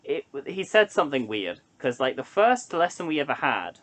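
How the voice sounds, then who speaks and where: A man's voice: fairly high pitch, very animated, moderate pace, a bit bright. A young man chatting casually to camera in a solo vlog, rambling and hesitant with lots of ums and restarts. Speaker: vlogger.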